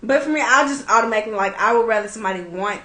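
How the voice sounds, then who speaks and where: A woman's voice: on the high side, racing, reverberant, heavy background noise. A woman co-hosting a casual podcast, reacting a lot and adding playful asides. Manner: reactive, lots of listening sounds and playful interjections. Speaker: podcast co-host. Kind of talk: casual chat.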